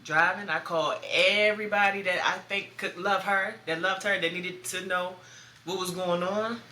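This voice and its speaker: A woman's voice: lowish voice, fairly even intonation, moderate pace, bright, forceful tone. A woman in her thirties, hosting a podcast, telling a painful personal story in a blunt, profane, raw way. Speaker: podcast host. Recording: roomy echo, faint background noise.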